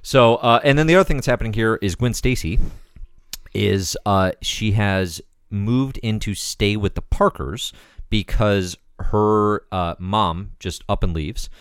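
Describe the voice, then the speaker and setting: A man's voice: on the low side, measured pace, clear, resonant tone, dry recording, studio quality. A man co-hosting a casual podcast, recapping comic plots in a rambling, hesitant way with many fillers. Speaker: podcast co-host. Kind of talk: casual comic-book discussion.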